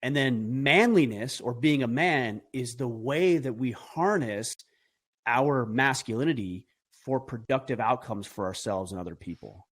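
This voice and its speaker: Middle-aged man, podcast guest; earnest and forceful, asks rhetorical questions, mid-range voice. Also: mid-range voice, lively intonation, unhurried, husky. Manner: earnest, emphatic, builds arguments with rhetorical questions. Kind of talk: conversational podcast talk.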